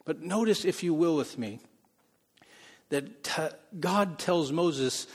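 Husky-voiced male pastor preaching in a hall. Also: a little high, takes it slowly. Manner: conversational preaching with frequent laughs, swings from soft to loud. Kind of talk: sermon.

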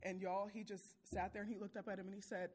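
Breathy woman giving a tearful testimony. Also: medium pitch, flat delivery, quick pace, darkish tone. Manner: tearful, laughing between phrases. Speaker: church mission trip speaker. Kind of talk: emotional testimony.

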